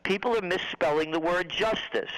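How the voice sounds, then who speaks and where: A man, a radio guest ranting indignantly and quickly, slipping into mocking impressions. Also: sits high, a bit bright, low-quality recording. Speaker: trends forecaster guest. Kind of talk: radio phone interview.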